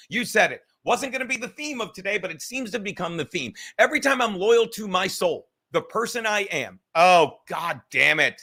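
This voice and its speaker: A man hosting a livestream podcast in a high, bright voice. He rambles and jokes with his viewers, swearing freely as he goes. The talk is loose and casual at a desk mic. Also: animated, moderate pace, hardly any pauses. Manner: rambling, profane, joking with the chat.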